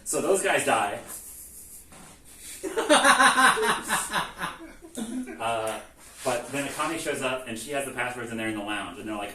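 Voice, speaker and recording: A man casually retelling a game's story, acting out the characters' lines in an animated, profane way. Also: medium pitch, unhurried, pauses often. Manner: animated retelling, acts out characters' lines with frequent swearing and laughs. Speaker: presenter recapping a video game plot. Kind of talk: casual comedic lecture. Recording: echoey room, distant mic, faint noise.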